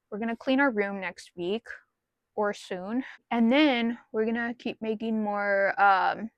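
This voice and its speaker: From the driver's seat, a female vlogger speaks casually and frankly to her audience, rambling and adding little self-deprecating asides into a small mic connected to her phone. The voice is medium-pitched, and the audio is dull with no echo.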